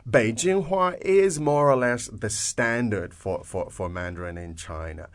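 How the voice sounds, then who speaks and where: A man hosting a podcast language lesson, explaining phrases in English with halting restarts. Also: mid-range voice. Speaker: language teacher, host.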